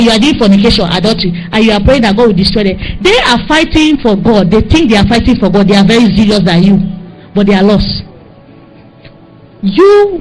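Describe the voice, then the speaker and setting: A woman's voice: on the high side, low-quality recording. Impassioned Nigerian woman preaching. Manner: impassioned, scolding, repetitive exhortation. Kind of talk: sermon.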